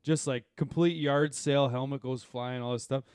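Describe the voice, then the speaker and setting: A man's voice: medium pitch, normal speed, clean tone, dry recording, clean studio sound. Man telling rambling stories. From Saskatchewan, Canada. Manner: animated storyteller, rambling with many fillers and asides. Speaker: podcast co-host. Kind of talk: casual chat.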